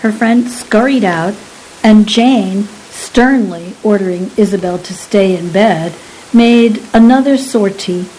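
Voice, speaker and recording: Slow, measured woman narrator. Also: medium pitch, mellow, a little hiss or hum, low-quality recording. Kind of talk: scripted audiobook narration.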